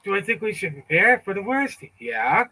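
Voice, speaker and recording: A middle-aged man speaks in a fired-up, taunting monologue, with a bright, forceful, cutting edge to his voice that sits a little high. He stumbles and repeats words as he pushes on. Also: very animated, moderate pace, husky, rough recording. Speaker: political commentator. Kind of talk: casual monologue.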